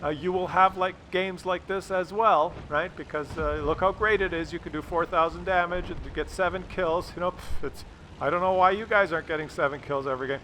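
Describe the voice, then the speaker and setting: A man's voice: high voice, fairly even intonation, a little fast, sharp tone, slight background noise. A man giving casual gameplay commentary, ranting and swearing, with many fillers and restarts. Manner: filler-heavy, restarting phrases. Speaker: gaming channel host.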